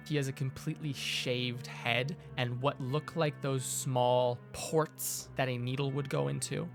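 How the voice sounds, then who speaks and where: A man narrating a tabletop game as game master in a measured, descriptive way. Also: mid-range voice, fairly even intonation, creaky, faint music behind.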